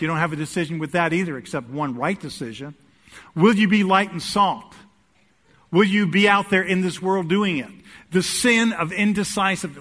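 A male pastor preaching a sermon in a church, swinging between loud urging and quiet asides. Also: high-pitched. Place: church sanctuary. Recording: echoey hall.

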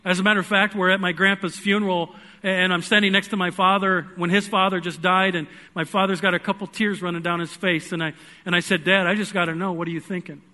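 A man with a high, bright voice delivers an earnest sermon in a church. He tells a personal story, rising into loud pleading and then dropping to hushed, quiet moments. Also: level tone, brisk. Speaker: preacher.

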